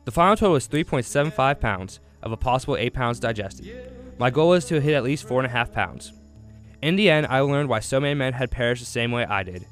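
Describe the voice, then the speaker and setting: A man's voice: mid-range voice, expressive, fairly quick, soft background music. A young man narrating his own food challenge in a dramatic, grandiose documentary style. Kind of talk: mock-epic documentary narration.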